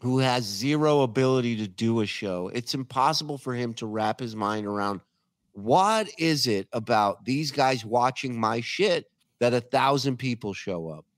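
A man's voice: mid-range voice, animated, moderate pace, dry recording, studio quality. A man co-hosting a comedy talk show, mocking and sarcastic, with theatrical complaints. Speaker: podcast co-host. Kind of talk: casual comedy chat.

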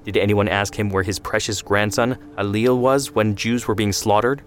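A man voicing an angry, mocking young man who shouts at his brother. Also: lowish voice, steady tone, moderate pace, faint music behind, natural voice. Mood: scornful.

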